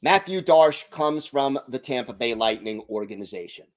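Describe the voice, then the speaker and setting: A man hosting a hockey podcast, giving his opinions in an emphatic, deliberate way. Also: mid-range voice, expressive. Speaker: podcast host.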